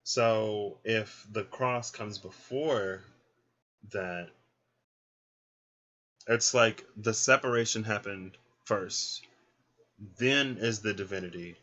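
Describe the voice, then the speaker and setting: A man's voice: fairly low pitch, sharp tone. A man giving a casual card reading, chatty and thinking aloud as he goes. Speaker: card reader. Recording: dull lo-fi recording.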